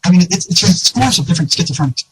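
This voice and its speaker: A man telling an animated anecdote in a casual conversation, often quoting others and laughing. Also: sits high, rapid-fire, background noise.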